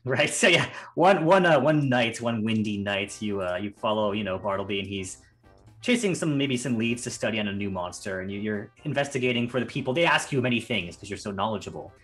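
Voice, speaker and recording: A man's voice: lowish voice, animated, fairly quick, a bit bright. A man running a tabletop game as game master, narrating in a loose, chatty way full of restarts. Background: faint carnival music.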